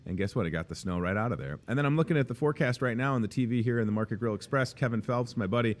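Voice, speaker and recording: A man's voice: mid-range voice, racing. A man in his thirties hosting a casual show from a grocery store café, jokey and rambling. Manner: jokey, rambling, self-deprecating. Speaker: host. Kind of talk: casual chat.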